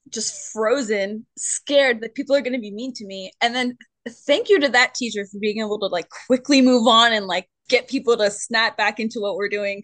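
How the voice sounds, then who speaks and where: Woman, young adult, podcast guest, personal storytelling, candid, chatty, fairly high voice, dry sound. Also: a bit bright, no room sound. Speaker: guest, musician and advocate.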